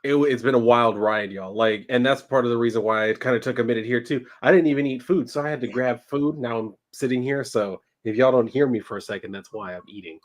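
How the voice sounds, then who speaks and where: A man's voice: mid-range voice, a little fast, hardly any pauses. Laid-back male co-host. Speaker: podcast co-host. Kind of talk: casual storytelling chat.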